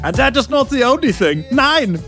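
An actor playing a naive, cheerful man with oddly mangled English, pitching in a mock infomercial. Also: very animated, normal speed. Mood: pitchman. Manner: quirky broken phrasing, sing-song pitch man. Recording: music bed behind.

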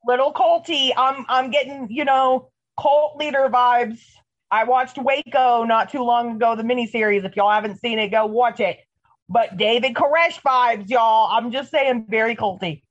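Animated, foul-mouthed woman co-host. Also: a little high, moderate pace. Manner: animated, profane, storytelling. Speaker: podcast co-host. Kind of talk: casual TV episode recap chat. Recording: dull lo-fi audio.

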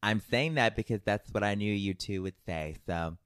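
A young woman with a notably deep voice trades sarcastic jabs with her sisters. She chats casually on a podcast. The recording is dry and close. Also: smooth, no echo. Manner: sarcastic, teasing, quick retorts. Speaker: podcast co-host. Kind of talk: casual chat between sisters.

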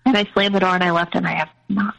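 A woman's voice: lowish voice, steady tone, fast, vocal fry, fairly bright tone, highs cut off. A woman as a podcast guest, earnestly recounting personal experiences with frequent restarts. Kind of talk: emotional personal storytelling.

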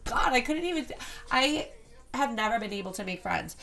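A woman's voice: on the high side, expressive, moderate pace, creaky, bright, forceful tone. A young woman hosting a solo podcast, talking candidly and rambling, swearing often. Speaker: podcast host. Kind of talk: casual solo podcast chat.

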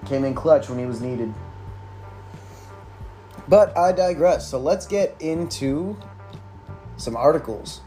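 A man's voice: a little high, animated, slow pace, long pauses, warm tone, faint music behind. A young man hosting a podcast, telling a school story in a casual, sarcastic, profane way with lots of filler words. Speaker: podcast host.

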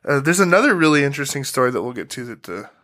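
A man's voice: mid-range voice, big pitch swings, racing, sharp tone, dry recording, studio quality. A man co-hosting a casual true-crime podcast, talking loosely with lots of fillers, restarts and swearing. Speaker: podcast co-host.

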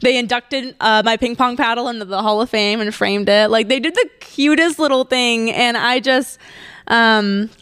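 Bubbly young woman, smooth voice. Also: a little high, normal speed, fairly bright tone, no echo, clean studio sound. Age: 20s. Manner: bubbly, gushing, laughs often. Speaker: podcast host. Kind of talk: casual solo podcast chat.

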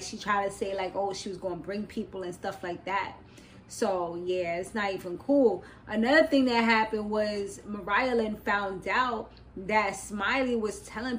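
A young woman hosting a podcast, casually recapping a reality show in an animated, slangy way, laughing often and wandering into side notes. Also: mid-range voice, slight background noise, low-quality recording. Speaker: podcast host.

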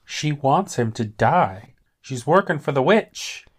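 A man's voice: mid-range voice, expressive, takes it slowly, husky. A young man co-hosting a podcast, chiming in with dry wisecracks. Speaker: podcast co-host. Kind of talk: casual chat.

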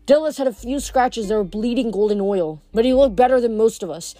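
A woman reading a novel aloud, steady but with small slips she corrects as she goes. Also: a little high, brisk, few pauses. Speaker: reader.

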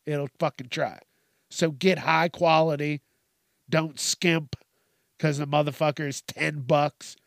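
Gravelly, slow-talking man. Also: on the high side, fairly even intonation, a bit bright, no room sound, clean studio sound. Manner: profane, self-deprecating, laughs often, halting restarts. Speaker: podcast host. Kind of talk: casual monologue.

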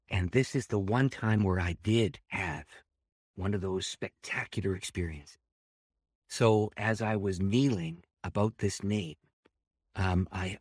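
A man, a pastor, telling a personal story with lots of laughter, dropping to a hush and then rising loud and excited. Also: fairly low pitch, husky, no room sound, clean studio sound. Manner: animated storyteller, laughs often, swings between hushed and loud. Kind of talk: storytelling testimony.

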